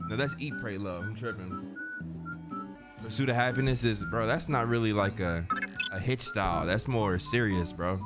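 A man's voice: lowish voice, moderate pace, over loud music. A young man streaming a video game, chatting casually and full of slang while he reads the game's dialogue aloud. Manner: slangy, rambling, says bro constantly. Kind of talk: casual gameplay commentary.

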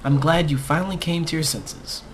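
A man voicing a bossy, violent young woman fiancée in a high, screeching put-on voice. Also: fairly even intonation, normal speed, a little hiss or hum, close to an everyday voice. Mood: demanding.

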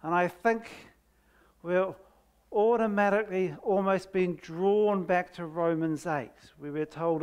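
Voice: medium pitch, steady tone, darkish tone, clear, resonant tone. A preacher giving a sermon at a church service, reading scripture aloud with heavy stress on key words and letting each phrase fall nearly silent. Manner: slow, deliberate delivery that drops to near silence at phrase ends.

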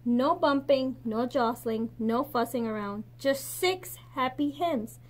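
A woman teacher reading a picture book aloud expressively, slowing and softening at the gentle endings. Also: high-pitched.

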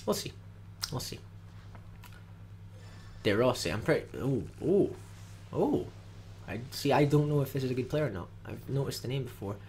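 A man's voice: medium pitch, expressive, normal speed, pauses often, a little mellow. Young man, game pack opening commentary, dry jokey grumbling, mid-range voice, faint background noise. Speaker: gaming video host. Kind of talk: casual commentary while opening card packs.

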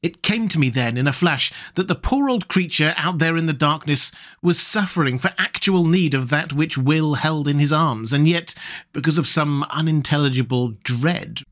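A man reading a horror short story aloud in a measured, steady storytelling voice. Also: a little high. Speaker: audiobook narrator. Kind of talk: scripted narration of a horror story.

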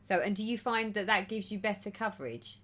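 A woman's voice: medium pitch, expressive, brisk, fairly bright tone. A woman hosting a casual stitching livestream, chatting and reading viewers' comments aloud with a lot of giggling. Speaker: livestream host.

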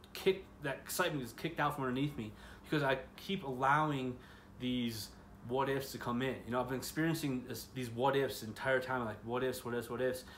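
A man's voice: mid-range voice, a bit bright. Young guy, earnest and chatty, talking to students about faith, faint hiss behind him. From Chicago area, US. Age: 20s. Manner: earnest, chatty, full of "you know" and "like". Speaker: youth ministry speaker. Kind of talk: casual devotional talk to students.

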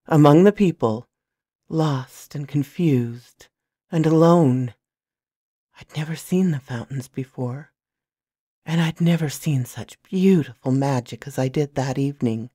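A woman voicing a brooding young male magician who speaks low, quiet and tense in a storybook reading. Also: unhurried, slightly rough, no room sound, clean studio sound. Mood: wistful.

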